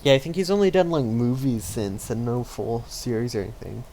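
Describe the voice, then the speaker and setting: Male podcast co-host, relaxed and rambling, average pitch, slight background hiss. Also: a little fast. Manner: rambling, laid-back, with fillers and laughs. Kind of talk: casual chat.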